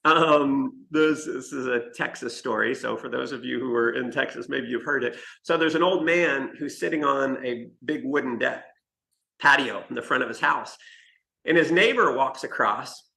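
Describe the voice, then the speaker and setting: Gravelly, bright-voiced motivational man. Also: mid-range voice, poor audio. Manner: emphatic storyteller who speaks straight to the listeners. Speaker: motivational speaker. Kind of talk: motivational talk to an online summit audience.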